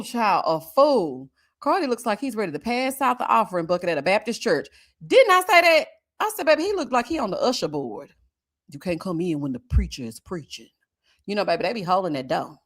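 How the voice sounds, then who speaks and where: A woman in her forties hosting a live stream, chatting casually and sassily as she reads viewer comments. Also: mid-range voice. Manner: sassy, animated, drawling Southern Black vernacular with "child" and "baby". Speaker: livestream host reacting to a reality show.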